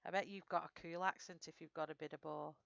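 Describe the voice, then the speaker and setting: A woman's voice: sits low, fairly even intonation, quick pace, vocal fry, dry recording, highs cut off. A woman with a Northern English accent, chatting through a live colouring tutorial and answering viewers' comments as she works. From Northern England. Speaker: streamer.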